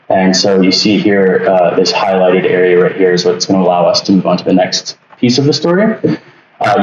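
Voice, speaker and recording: A man instructs an online workshop from home over a video call, talking through a walkthrough with many fillers and restarts. His voice sits low at a moderate pace, and the recording is distant, echoey, lo-fi, and noisy.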